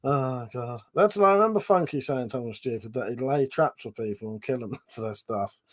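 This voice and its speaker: A man with a cold, sniffling and coughing, hosts a casual live stream and reads out viewer comments, swearing and laughing often. His voice is mid-range and unhurried.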